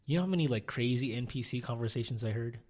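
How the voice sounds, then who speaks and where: A man with a mid-range voice telling anecdotes on a casual podcast. He rambles through his stories, full of "like" and quoted lines. He sounds relaxed and conversational. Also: mid-range voice, quick pace. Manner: rambling anecdotes, filler-heavy, quotes people. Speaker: podcast co-host. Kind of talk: casual storytelling.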